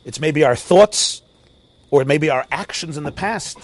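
A man's voice: fairly high pitch, normal speed, no echo. Man preaching a dramatic story-sermon. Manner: dramatic, swings between loud and hushed; mixes in Hebrew and Yiddish phrases. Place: outdoors near a forest.

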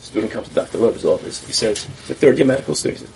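A man in a conversation telling a story with lively delivery, acting out the people he quotes. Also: mid-range voice, rapid-fire, gravelly, hardly any pauses. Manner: animated storyteller who acts out quotes. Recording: distant mic with faint background noise.

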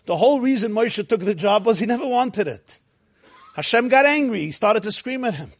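High-voiced rabbi with dramatic outbursts. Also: male voice, lively intonation, brisk. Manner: dramatic, acts out dialogue with sudden loud outbursts. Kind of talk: sermon.

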